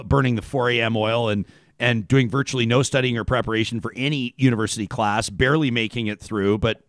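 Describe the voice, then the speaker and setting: A man's voice: on the low side, dry recording, clean studio sound. A man hosting a talk show, talking in a rambling, casual way with many restarts.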